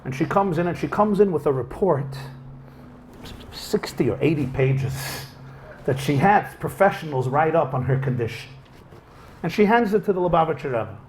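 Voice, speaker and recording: A man's voice: fairly high pitch, normal speed, slight background noise. A man teaching a class as a rabbi, telling a story as a lecture and acting out the dialogue. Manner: animated, acts out quoted dialogue. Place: lecture hall with a live audience.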